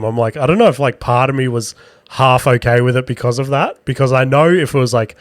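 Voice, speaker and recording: A man, hosting a podcast and telling a crude, self-deprecating story in a casual, animated way. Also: mid-range voice, no room sound, clean studio sound. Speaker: podcast host.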